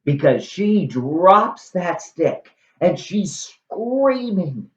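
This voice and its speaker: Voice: medium pitch, big pitch swings, drawn-out words. A host casually retelling a classic play, wry and conversational with lots of animation. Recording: roomy, distant, dull lo-fi.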